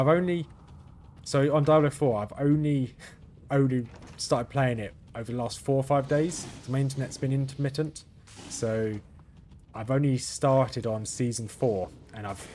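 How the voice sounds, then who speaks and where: Man, gaming commentary, monotone, rambling, self-correcting, middle pitch, faint background noise. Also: moderate pace. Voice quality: flat, monotone delivery. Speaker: gaming video host. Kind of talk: casual gameplay commentary.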